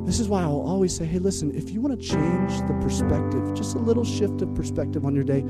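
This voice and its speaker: A man preaching a lively, humorous sermon as pastor, energetic and jokey, swinging from loud calls to hushed asides. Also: a little high, fast, hardly any pauses, over loud music.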